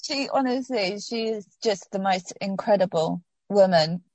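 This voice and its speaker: A woman's voice: medium pitch, unhurried, a little mellow, no echo. Heartfelt woman, dry sound. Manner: heartfelt, rambling with restarts, gets emotional. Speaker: patient telling her story. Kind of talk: emotional personal interview.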